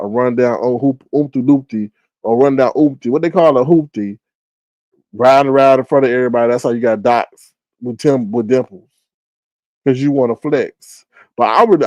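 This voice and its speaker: A man speaking holds forth on his own live stream, ranting in a sarcastic, animated way. His voice sits at an average pitch for a man. The sound is dry and close, with no room echo. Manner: animated, sarcastic, mocking quotes with sudden high squeals. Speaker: live stream commentary host. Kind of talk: casual ranting commentary.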